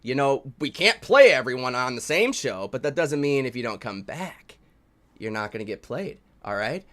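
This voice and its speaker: A man co-hosting an underground music review stream in crude, profane banter, swinging between low mutters and sudden yelled outbursts. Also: very animated, moderate pace. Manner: loud, swearing, drops to low mutters, yells outbursts. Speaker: co-host of an indie music review show.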